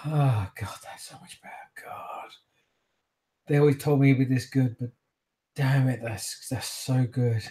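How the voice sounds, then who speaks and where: A freshly turned vampire seer drifts through half-remembered visions in a dreamy, wandering drawl, as a man puts her on. She is dazed and ravenous, and her voice sits mellow and dark. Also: mid-range voice, normal speed, natural voice. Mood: hungry. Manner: drawling, dreamy, easily distracted. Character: newly turned female vampire prophet, dazed, hungry.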